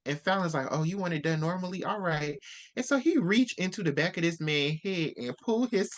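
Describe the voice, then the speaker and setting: A host in a casual book discussion, retelling the story with lively quoted character lines. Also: mid-range voice, moderate pace.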